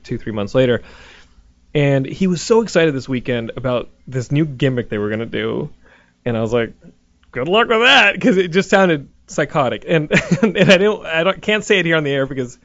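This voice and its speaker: A man's voice: mid-range voice, no room sound, lo-fi sound. A man hosting a podcast, joking and laughing as he tells stories. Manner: joking, quick to laugh, does voices in stories. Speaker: podcast host. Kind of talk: casual comedic chat.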